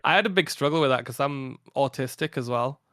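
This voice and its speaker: A tired young man chatting casually on a podcast about his gaming channel, rambling with frequent laughs and a slightly flat delivery. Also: medium pitch, brisk, no room sound. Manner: rambling, laughs often, a little flat from fatigue. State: tired after a long day. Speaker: podcast guest, content creator.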